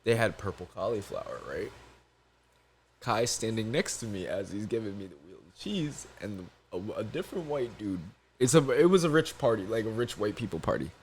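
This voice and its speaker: A man's voice: fairly low pitch, big pitch swings, normal speed, a little mellow, a little hiss or hum. A young man co-hosting a podcast, telling a story in casual chat, profane and laughing often. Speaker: podcast co-host.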